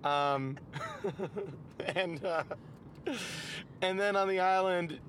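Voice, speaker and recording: A man's voice: high-pitched, very slow, fairly bright tone. Joking man chatting in a car. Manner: joking, breaks into mock voices and laughs. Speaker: podcast co-host. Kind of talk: casual chat while driving. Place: inside a moving car. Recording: car with faint road noise.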